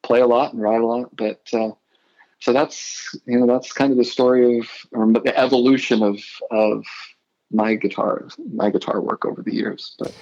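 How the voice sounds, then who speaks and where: A man's voice: mid-range voice, steady tone, moderate pace, a little mellow, dull audio. A middle-aged man from Idaho, a guitarist guest, telling rambling stories in a casual interview and often correcting himself.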